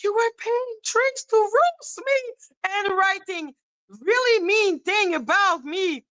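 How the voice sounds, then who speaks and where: A woman hosting a livestream, talking straight to her chat in an animated, repetitive rant broken up by laughter. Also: extremely high pitch, slow, no room sound, low-quality recording. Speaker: livestream host.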